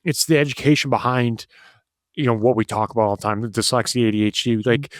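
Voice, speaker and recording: A man's voice: mid-range voice, fast, no echo, clean studio sound. A man talking as a podcast guest, emphatic and full of restarts and "you know". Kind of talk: casual conversation.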